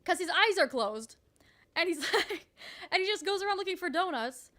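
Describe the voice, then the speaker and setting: A young woman streamer telling a story in casual chat, animated, swearing freely and leaning on "like" a lot. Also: very high voice, moderate pace. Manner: animated, swears freely, heavy use of "like", laughs often.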